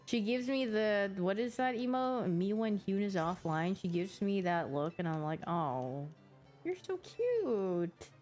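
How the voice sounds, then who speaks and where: This bubbly young woman, quick to laugh, talks casually to her stream in a mid-range voice. Now and then she adopts cute, playful voices for her pets, with gentle music quietly in the background.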